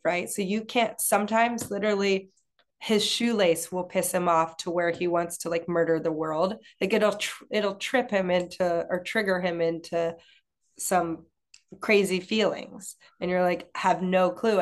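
A woman's voice: lowish voice, fairly even intonation, normal speed. A woman co-hosting a casual talk, speaking in a chatty way with many fillers and restarts. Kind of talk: casual chat.

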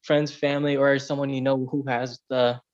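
A man's voice: mid-range voice, level tone, moderate pace, dull audio. A man on a podcast, chatting loosely and telling a fable, with plenty of "like" and "you know". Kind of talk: casual chat, storytelling.

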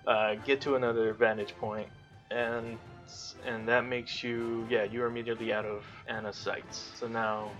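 A man's voice: mid-range voice, flat delivery, normal speed, fairly bright tone, lo-fi sound, soft background music. A man narrating as game master of a tabletop role-playing game, improvising loosely and swearing casually.

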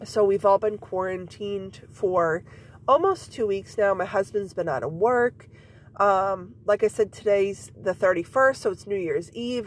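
A woman's voice: mid-range voice, slightly rough. A woman podcast host with a stuffy nose and scratchy throat, chatting casually and rambling with lots of fillers. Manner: rambling, many fillers and repeats. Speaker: podcast host and mom coach. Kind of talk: casual personal chat.

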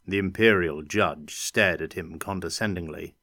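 Slow, bright-voiced male narrator. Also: deep voice, dry recording, clean studio sound. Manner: steady, unhurried, dramatic storytelling. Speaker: audiobook narrator. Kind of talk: scripted narration.

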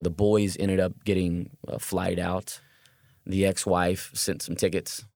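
Deep-voiced man telling a true story. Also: level tone, vocal fry, darkish tone, no echo, studio quality. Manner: earnest, halting retelling with restarts. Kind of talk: personal story narration.

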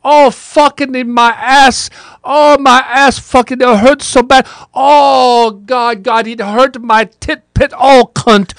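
Man putting on a pained cursing foreign guy, very high yelps, loud shouting, dry close sound. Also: fairly even intonation, slow pace, clean tone, no room sound, full character voice. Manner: shouting strings of obscenities. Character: furious cursing man from Ukraine, in pain.

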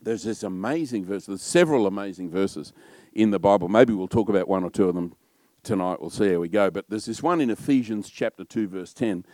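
A middle-aged man with an Australian accent, a pastor preaching a sermon in a loud, warm storytelling manner. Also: fairly low pitch, a little fast, few pauses, dry recording.

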